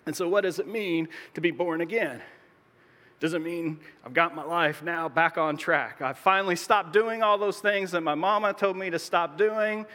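A man's voice: high-pitched, pushed and bright. A man pastor preaching a sermon in a conversational, explanatory way, with joking asides. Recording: long reverb of a large hall.

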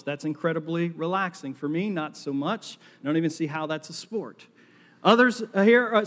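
Preaching in a Southern US accent, a middle-aged man with a high-pitched, light and rather bright voice mixes humor and self-deprecation into a casual, talky sermon. His words echo through the lengthy reverb of a large auditorium.

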